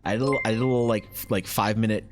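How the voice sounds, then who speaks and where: A man with a Canadian accent chatting on a live art stream, excitable and swearing, mock-exasperated at his chat. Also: on the low side, racing, music in the background. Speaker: artist streamer. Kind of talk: casual livestream chat while drawing.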